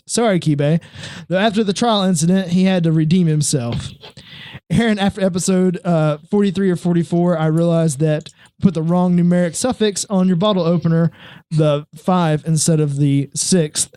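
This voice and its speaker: A man's voice: on the high side, fairly even intonation, fairly quick, warm tone, no echo, natural voice. A man putting on a jolly mock-Canadian fan. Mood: amused. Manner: giggly, breaking into laughter mid-letter. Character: cheery Canadian male fan reading his letter.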